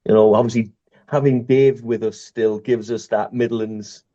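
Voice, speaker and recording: A man chatting on a podcast, halting and quick to laugh. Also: lowish voice, steady tone, mellow, muffled recording. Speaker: podcast co-host. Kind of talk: casual chat.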